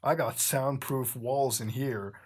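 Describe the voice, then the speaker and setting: A man doing a gentle cartoon cup-headed boy. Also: medium pitch, fairly even intonation, slow pace, slightly rough. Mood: calm.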